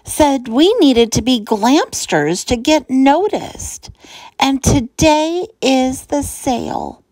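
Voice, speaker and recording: Woman doing a high, fretful girl hamster. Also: animated, slow, darkish tone, dry recording, exaggerated voice, poor audio. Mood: sniffly. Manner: wailing, fretful, sniffly. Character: anxious, weepy young female hamster. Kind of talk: storybook read-aloud.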